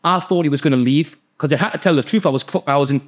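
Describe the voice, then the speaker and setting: A man with a Geordie accent, hosting a podcast and telling a story in a sweary, animated way. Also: fairly high pitch, very fast. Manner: sweary, animated, acts out the people in his stories. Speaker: podcast host. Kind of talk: casual storytelling.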